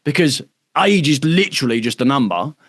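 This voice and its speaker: Expressive and fairly quick, this mid-range male voice comes from a UK workshop host giving members a casual livestream talk. He speaks emphatically with lots of swearing and tags like "right?", and breaks into other people's voices mid-talk. Dry recording, clean studio sound.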